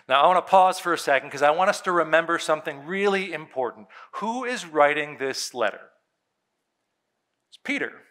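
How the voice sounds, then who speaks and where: A man's voice: a little high, animated, moderate pace, bright, forceful tone. A male pastor preaching a sermon in an earnest, emphatic way, repeating key points for weight.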